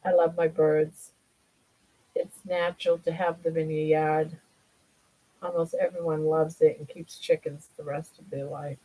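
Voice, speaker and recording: A woman's voice: low-pitched, level tone, slow pace, pauses often, warm tone, poor audio. An older woman hosting a casual livestream chat from home, cooing to her pets in baby talk. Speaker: livestream host.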